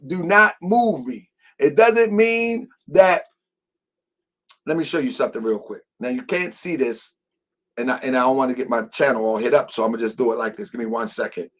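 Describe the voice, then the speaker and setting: A man hosting a heated commentary, repeating his points emphatically and confrontationally. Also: a little high. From Baltimore, US. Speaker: host.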